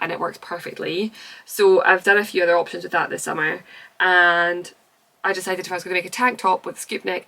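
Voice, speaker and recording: A woman talking casually from her desk, candid and chatty, thinking out loud with plenty of ums. Her voice sits fairly low but has a bright, forward edge with a gravelly fry running through it. She sounds set back a little from the microphone. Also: distant mic. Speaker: knitting podcast host. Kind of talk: casual solo podcast chat.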